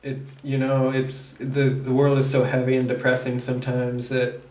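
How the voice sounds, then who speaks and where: Halting man giving a tarot reading. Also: mid-range voice, monotone, a little mellow. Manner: halting, searching delivery with many restarts. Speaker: tarot reader. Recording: roomy echo, distant mic.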